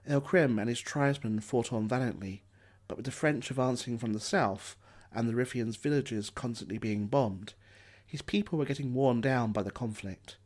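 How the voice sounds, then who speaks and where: A man's voice: mid-range voice, normal speed, a little mellow. A man narrating a scripted history episode, dropping in wry, sardonic asides.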